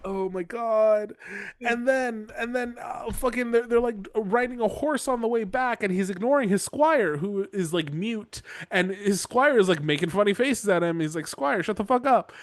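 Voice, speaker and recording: A man retells book chapters in rapid, profane chat, piling on asides as a podcast co-host. His voice sits fairly high, and the sound is dry and close with no room around it. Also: no room sound. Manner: animated, profane storytelling full of asides. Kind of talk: casual book-recap chat.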